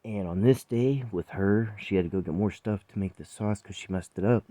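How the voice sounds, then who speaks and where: Deep-voiced man telling a blunt story. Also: a little fast, mellow, no echo. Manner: blunt, profane, rambling with laughs. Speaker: chef. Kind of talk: personal storytelling monologue.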